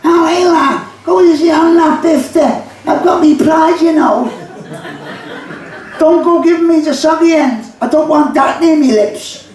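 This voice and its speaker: A man's voice: very high voice, unhurried, darkish tone, voice pushed up. A man voicing cheeky young Liverpool lads bickering over a cigarette, with a Liverpool accent. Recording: echoey pub, mic far off.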